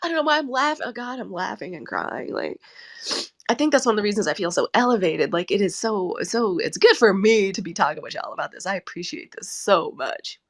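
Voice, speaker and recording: A woman's voice: mid-range voice, sing-song, fairly quick. A woman hosting a live tarot journaling session, chatty and laughing often as she talks to her listeners. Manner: warm, chatty and laughing often, says y'all. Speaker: tarot reader and host.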